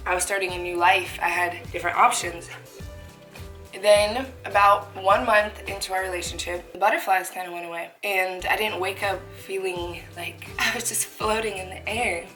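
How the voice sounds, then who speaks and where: A young woman from Canada talks straight to camera in a candid, chatty way, tossing in playful asides and the occasional swear word. Her voice sits at an ordinary middle pitch. Background music plays clearly underneath her. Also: fairly even intonation, moderate pace, pushed and bright. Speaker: vlogger. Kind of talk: casual storytelling while eating.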